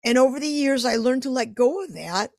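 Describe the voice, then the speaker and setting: Animated woman artist telling stories. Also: sits high, brisk, creaky, dry recording. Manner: animated storyteller, acts out her inner voice. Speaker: artist guest. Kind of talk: casual interview chat.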